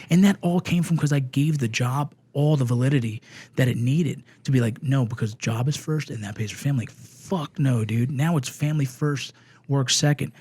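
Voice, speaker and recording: A middle-aged man, a former Army Ranger guest, telling stories in fast, profane, animated podcast chat. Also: medium pitch, husky, no echo.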